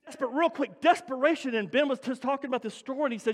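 A man's voice: very high voice, expressive, very fast, few pauses, fairly bright tone, long reverb tail. A middle-aged man, a pastor, preaching a sermon in a conversational way that climbs into emphatic bursts, recorded in a church. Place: church sanctuary.

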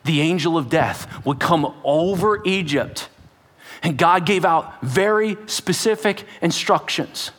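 A man preaching a sermon, telling the story dramatically and acting out voices, dropping to whispers and rising to loud outbursts. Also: a little high, takes it slowly. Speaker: pastor.

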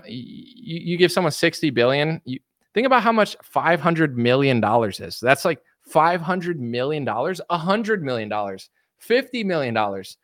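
Rambling man with a smooth, dry voice. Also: fairly high pitch, a bit bright, no room sound. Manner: rambling, filler-heavy, frequent restarts. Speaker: livestream commentator reading chat. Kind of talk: casual political rant.

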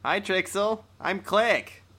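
A man's voice: high-pitched, takes it slowly, bright, forceful tone. A man playing a tabletop role-playing game, playful and teasing, often laughing. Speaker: player.

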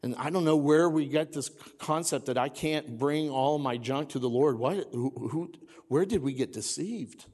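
Male pastor, slightly raised pitch, conversational sermon, repeats phrases, church hall reverb. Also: normal speed, darkish tone. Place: church sanctuary.

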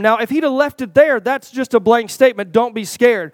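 A man's voice: a little fast, few pauses, no echo. A man preaching a folksy sermon who often asks the church "Is that right?" and stumbles over repeated words. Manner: rises louder and higher toward the close.

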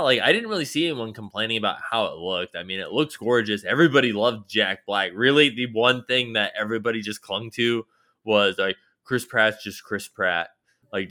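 A man talking in a relaxed, casual way on a podcast, with lots of "like" fillers. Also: on the low side. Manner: laid-back, full of "like" fillers. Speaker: podcast co-host. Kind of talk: casual chat.

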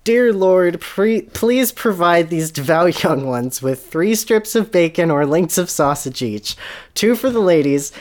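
A podcast host putting on a Southern accent to play an older male preacher who serves as headmaster, praying in a loud, drawn-out manner. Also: lively intonation, lightly acted. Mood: preaching. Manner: booming, preachy, drawn-out prayer.

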